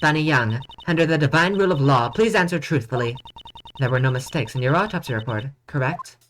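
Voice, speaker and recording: A woman's voice: a bass voice, animated, fairly quick, a little hiss or hum. A woman reading the lines of a composed, formal female judge in a game.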